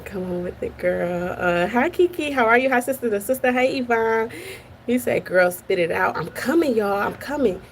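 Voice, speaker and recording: A woman's voice: fairly high pitch, lively intonation, moderate pace, slight background noise. A woman hosting a casual live stream from her office at work, chatty and gossipy, greeting viewers by name.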